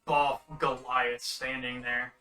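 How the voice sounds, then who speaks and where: A man's voice: medium pitch, little pitch movement, slow, sharp tone. A man narrating and running a tabletop game as game master, in a laid-back, chuckling way. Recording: music in background, distant mic.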